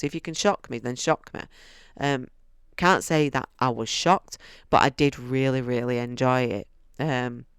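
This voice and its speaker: A man's voice: mid-range voice, a bit bright, smooth, no echo, clean studio sound. A man giving a casual, enthusiastic book review, chatty and often restarting his sentences. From United Kingdom.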